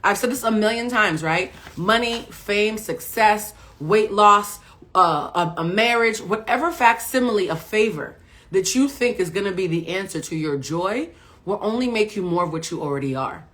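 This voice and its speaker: A woman's voice: mid-range voice, expressive, normal speed, fairly bright tone. A middle-aged woman coaching viewers on a live stream, blunt and profane, firing rhetorical questions like a preacher. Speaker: emotional intelligence coach.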